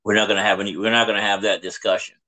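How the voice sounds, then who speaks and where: Low-voiced reflective male host. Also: little pitch movement, racing, bright, forceful tone, rough recording. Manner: reflective storyteller. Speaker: podcast host. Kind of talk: casual podcast conversation.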